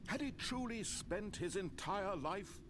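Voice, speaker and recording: A wry, lively game narrator. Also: male voice, high voice, a little slow, noisy background. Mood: dramatic. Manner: dramatic, dryly sarcastic storytelling.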